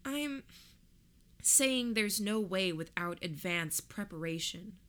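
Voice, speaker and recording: A woman's voice: mid-range voice, expressive, takes it slowly, fairly bright tone. A woman voicing a cautious young woman who speaks matter-of-factly.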